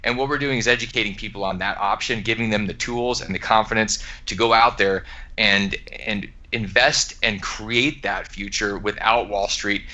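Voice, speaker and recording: Upbeat guy from alaska on a podcast, lowish voice, bright and punchy. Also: moderate pace, muffled recording. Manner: energetic, emphatic, some restarts. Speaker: guest, entrepreneur. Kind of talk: casual podcast interview.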